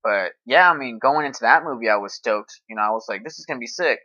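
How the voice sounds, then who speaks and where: A man co-hosting a casual chat about films, animated and swearing freely, acting out his reactions. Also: medium pitch, quick pace. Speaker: podcast co-host. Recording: dull lo-fi sound.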